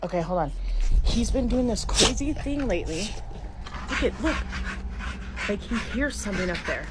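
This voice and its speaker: A woman's voice: mid-range voice, expressive, moderate pace. Frightened woman whispering into her phone. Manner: jumps between hushed whispers and panicked exclamations. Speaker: mother filming her home. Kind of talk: frightened handheld home video narration. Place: inside a house, moving between rooms. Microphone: handheld phone camera. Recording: noisy phone recording.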